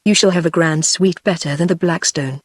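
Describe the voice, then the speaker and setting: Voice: mid-range voice, normal speed, dry recording, clean studio sound, lightly acted. Synthetic voice reading a domineering gangster boss. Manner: same even synthetic read as narration.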